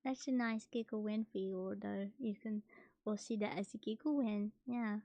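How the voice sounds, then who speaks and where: A young woman chatting casually on a stream, soft and hesitant, with many fillers. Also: mid-range voice, steady tone, normal speed, no room sound. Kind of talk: casual chat.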